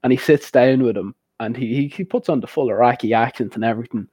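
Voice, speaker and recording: A young Irish man chatting casually, telling an animated story and laughing often. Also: mid-range voice, fast, husky, dry recording. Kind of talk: casual chat. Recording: dull dry recording.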